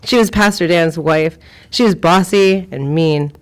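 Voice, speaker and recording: A woman's voice: lowish voice, measured pace, natural voice. A woman voicing a grown woman who recounts a church siege in a child's simple words and acts out the adults' voices. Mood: plain recounting. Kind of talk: audio drama acting.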